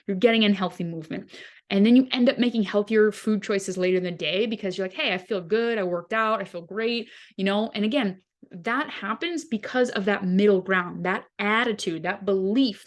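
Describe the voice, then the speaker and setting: A woman hosting a wellness podcast as a dietitian, explaining ideas in a casual, conversational way with everyday examples. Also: medium pitch. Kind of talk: casual teaching monologue.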